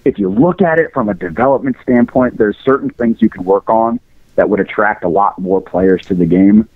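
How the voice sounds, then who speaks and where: Low-voiced male caller on a tinny phone line. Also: brisk, no echo. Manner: laid-back, says "bro" and "man". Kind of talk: casual chat on a phone call.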